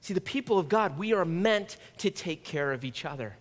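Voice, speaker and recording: A man's voice: high-pitched, expressive, moderate pace. A man pastor delivering a sermon in an earnest, conversational preaching manner. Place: church sanctuary. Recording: long reverb of a church hall.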